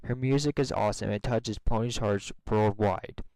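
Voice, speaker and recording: A man reading a fan story aloud, voicing a flattering, defensive young male pony who used to be a bully. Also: lowish voice, normal speed, slight background noise, close to an everyday voice, low-quality recording.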